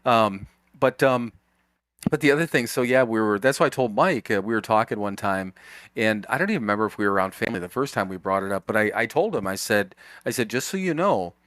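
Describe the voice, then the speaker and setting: A man's voice: lowish voice, fast, fairly bright tone, no room sound. A man co-hosting a podcast in casual chat, telling a story in a rambling way with frequent restarts, mild profanity and bursts of hard laughter. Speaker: podcast co-host.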